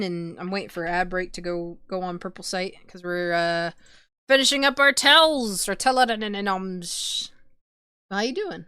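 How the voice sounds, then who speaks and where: A woman's voice: mid-range voice, sharp tone, clear, resonant tone, no room sound, studio quality. A young woman streaming, chatting casually with viewers, laughing often and swearing freely. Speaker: VTuber streamer. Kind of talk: casual chat reading viewer messages.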